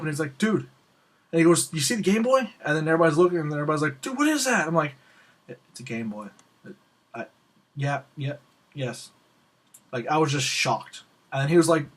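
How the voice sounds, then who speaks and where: A young man hosting a casual Q&A show, telling a rambling, excitable story and acting out the lines of the people in it. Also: a little high. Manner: excitable, rambling, acts out quoted dialogue. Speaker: host of a Q&A show.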